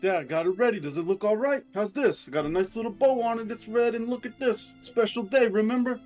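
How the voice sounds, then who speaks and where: Guy doing a high eager young dude with a put-on accent, keen to please. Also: a little fast, darkish tone, soft background music, close to an everyday voice. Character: eager young man, son of a family business.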